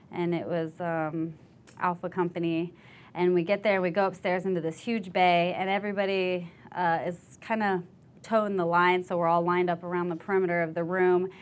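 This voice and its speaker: Young woman, lowish voice, candid storytelling, mimics quoted voices. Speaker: veteran interviewee. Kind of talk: oral history interview.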